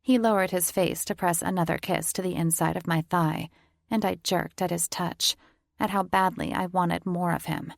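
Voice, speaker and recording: A woman reads a first-person romance audiobook with an intimate, teasing delivery. Her voice sits a little low, with a gravelly fry at the edges. The recording is close and dry. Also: steady tone, normal speed, dry recording. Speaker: audiobook narrator.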